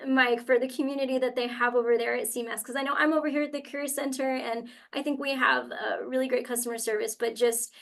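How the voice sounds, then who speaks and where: A woman's voice: sits high, quick pace, vocal fry, few pauses. Young woman telling a heartfelt personal story. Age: young adult. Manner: heartfelt and animated, with many fillers. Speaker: webinar panelist from a university career center. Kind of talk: personal story in a webinar panel.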